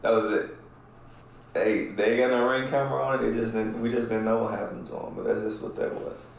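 Brief: male podcast host, swears a lot, animated storyteller, very roomy echo, faint room noise. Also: medium pitch, fairly quick, vocal fry. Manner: profane, animated, keeps asking "right?". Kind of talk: casual storytelling chat. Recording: very echoey room.

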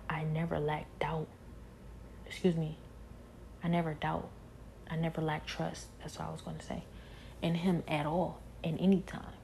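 Low, flat, gravelly-voiced woman testifying. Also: a little hiss or hum. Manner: earnest, halting, many restarts and filler phrases. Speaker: believer sharing a personal testimony. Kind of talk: personal religious testimony.

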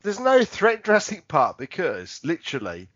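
A man's voice: a little high, wildly swooping pitch, normal speed, fairly bright tone, no room sound, lo-fi sound. A British man co-hosting a podcast, rambling and laughing often, drunk, losing his words. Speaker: podcast co-host. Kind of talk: casual drunken banter.

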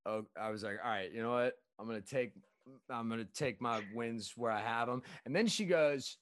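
A young man in his twenties, a restaurant server, telling a story in casual chat, swinging up high when he quotes people. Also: moderate pace, smooth, dry recording. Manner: animated, jumps to high pitch when quoting.

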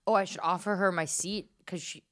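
A woman comedian, a guest on a podcast, telling a story in casual chat with a deadpan delivery. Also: fairly low pitch, brisk. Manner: deadpan storytelling, drops to whispers for quotes.

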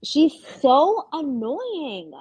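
Animated, heated young woman ranting. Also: sits high, extremely slow, no echo, rough recording. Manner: heated, swears freely, acts out quotes. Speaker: podcast co-host. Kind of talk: casual chat.

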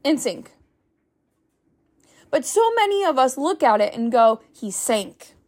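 A young woman with a high, light voice hosts a faith-based podcast. She speaks in an earnest, preachy way and leans on rhetorical questions to stir her listeners. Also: sing-song, unhurried, a little mellow. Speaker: podcast host. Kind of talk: faith-based motivational talk.

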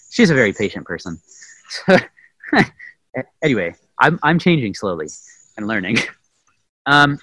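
A young adult man giving a conversational sermon, often asking "right?" and acting out quotes with sudden loud bursts. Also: medium pitch, big pitch swings, a little slow, pauses often, background noise. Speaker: preacher. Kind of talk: informal sermon teaching.

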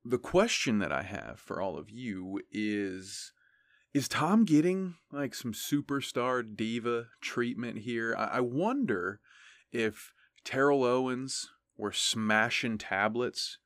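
A man's voice: medium pitch, expressive, slow, fairly bright tone, no room sound, studio quality. A man hosting a solo podcast, ranting in a casual, profane, sarcastic way. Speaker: podcast host.

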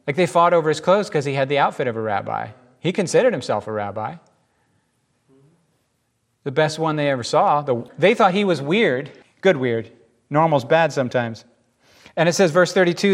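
A man giving informal, emphatic Bible teaching in a lively, conversational way. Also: a little high, normal speed.

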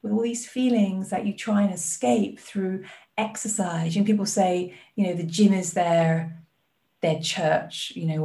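A woman guest on a podcast, a life coach talking in an animated, earnest way. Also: lowish voice. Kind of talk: podcast conversation.

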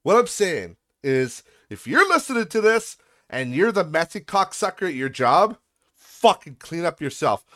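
A man's voice: on the high side, sing-song, measured pace, fairly bright tone. Frustrated, swearing male podcast host. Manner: frustrated, profane ranting. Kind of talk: casual venting monologue.

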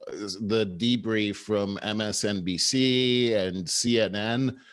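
A low-voiced man hosts a talk show and tells political stories in an easy, measured way. The sound is dry and close, with no room around him. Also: fairly even intonation, a bit bright, smooth, dry recording. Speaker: show host. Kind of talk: casual political commentary.

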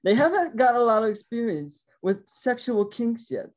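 A man putting on a prim British narrator voice, slow and mock-serious, in a comedy podcast bit. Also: very high-pitched, lively intonation. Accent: put-on British.

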